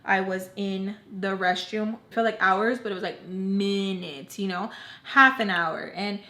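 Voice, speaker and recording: A woman's voice: medium pitch, fairly even intonation, unhurried, pushed and bright. A young woman telling a personal story casually as a vlogger, filling her speech with "like", talking straight to her viewers and slipping in Spanish words. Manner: chatty, heavy use of "like", addresses "you guys". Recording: echoey room.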